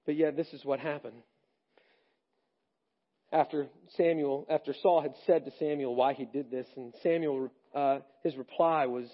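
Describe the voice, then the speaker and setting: Pastor guy preaching, high voice, gets loud then hushed, muffled lo-fi sound. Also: moderate pace. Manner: animated, swings between loud and hushed. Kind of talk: sermon.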